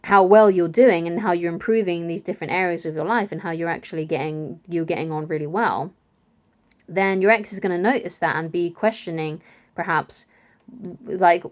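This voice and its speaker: A woman's voice: on the low side, normal speed. A woman giving casual relationship advice to camera, chatty, often asking "right?" and laughing lightly. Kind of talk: casual advice video talk.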